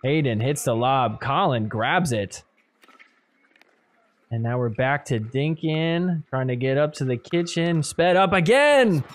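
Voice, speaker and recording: A man hosting a podcast, giving animated play-by-play commentary over match replays and laughing often. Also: medium pitch, slow pace. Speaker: podcast host. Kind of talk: excited sports recap commentary.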